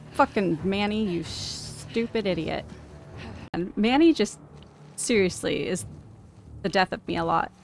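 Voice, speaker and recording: A woman streaming a video game live, cursing at her companions and laughing, sometimes shouting in panic. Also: on the low side, lively intonation, unhurried, creaky, long pauses, slight background noise. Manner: swearing, exasperated, laughing; shouts in panic at tense moments. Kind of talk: live gameplay commentary.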